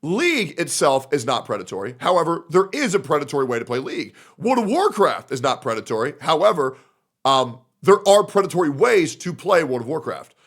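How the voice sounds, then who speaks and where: A man's voice: on the high side, very animated, fairly quick. A young man streaming live, ranting at his chat in a heated, argumentative way and swearing often. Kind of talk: livestream rant to chat.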